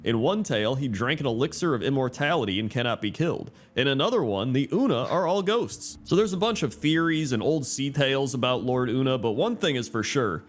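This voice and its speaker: A man narrating a playful countdown list video in an animated, joking way. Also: medium pitch, fairly quick, hardly any pauses. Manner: animated, playful, laughs at his own points. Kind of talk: upbeat list commentary.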